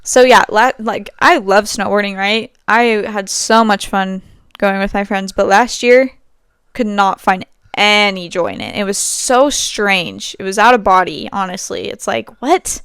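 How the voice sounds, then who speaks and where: A young woman hosts a podcast from home and talks through a candid, rambling monologue. Her voice is smooth and clear, recorded dry and close, with no room sound around it. She leans on fillers and laughs easily as she goes. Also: mid-range voice, expressive, a little slow, a bit bright, no echo. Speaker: podcast host. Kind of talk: casual monologue.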